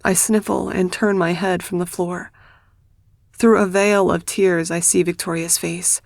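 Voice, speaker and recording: A woman reading a first-person audiobook in a measured, intimate storytelling manner on a close studio mic. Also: fairly low pitch, little pitch movement, creaky, no echo. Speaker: audiobook narrator.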